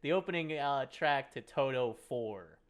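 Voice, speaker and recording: A man's voice: medium pitch, animated, unhurried, clear, resonant tone. A young man co-hosting a music podcast, chatting casually with sarcastic jokes and swearing. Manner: joking, sarcastic, swears freely. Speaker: podcast co-host. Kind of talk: casual chat.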